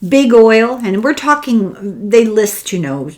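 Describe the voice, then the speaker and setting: Older Irish woman, lively storyteller. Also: on the high side, slow pace. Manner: animated, wry, conspiratorial storytelling. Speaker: podcast host discussing a book. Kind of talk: casual chat.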